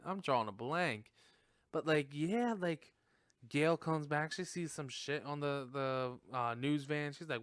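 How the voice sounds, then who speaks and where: A man's voice: mid-range voice, a bit bright, smooth, no echo, studio quality. A man hosting a podcast, recapping a film in a rambling, casual way, laughing often and swearing freely. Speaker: podcast host reviewing a film.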